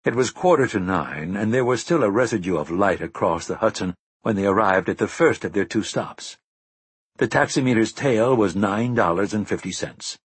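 A man reading an audiobook in measured, even scripted narration. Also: on the low side, husky, no echo.

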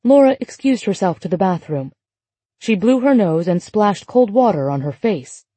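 A woman narrating literary fiction as an audiobook, in a mellow, slightly husky voice. Her delivery is even and measured. The sound is dry and close to the mic. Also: medium pitch, no room sound. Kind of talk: scripted narration.

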